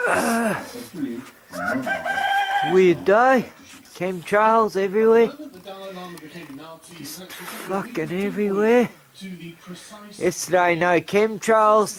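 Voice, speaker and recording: A man ranting in a casual outdoor vlog, swearing at crowing roosters and cooing to his dogs. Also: high-pitched. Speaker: vlogger. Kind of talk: casual outdoor rant to camera. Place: outdoors in a rural yard.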